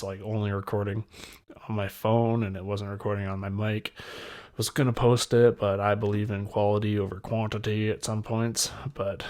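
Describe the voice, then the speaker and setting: Laid-back young man, low voice. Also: a little mellow. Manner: rambling, laid-back, loose slang. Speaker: podcast host. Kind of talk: casual solo podcast chat.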